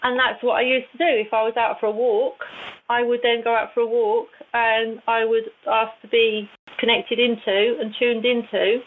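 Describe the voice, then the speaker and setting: A woman, a guest on an interview, telling stories in a chatty, animated way with frequent laughs. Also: on the high side, moderate pace. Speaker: guest, intuitive and channeler. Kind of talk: casual storytelling in an interview. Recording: tinny phone-like line with faint hiss.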